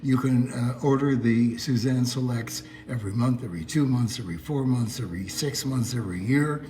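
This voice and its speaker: A man co-hosting a casual chat show, rambling and halting with lots of fillers. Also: medium pitch, mellow. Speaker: co-host.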